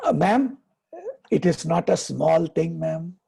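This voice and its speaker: A man, a happiness coach giving advice and telling stories in a deliberate way, slowing down for emphasis. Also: fairly high pitch, expressive, gravelly, crowd noise. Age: 50s. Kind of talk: conversational advice, storytelling.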